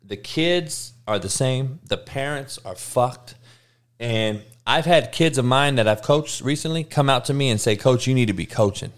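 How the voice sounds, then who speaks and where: A man's voice: mid-range voice, a little slow, a bit bright. A man who coaches youth, ranting comically in a profane, emphatic way. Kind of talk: comedic rant.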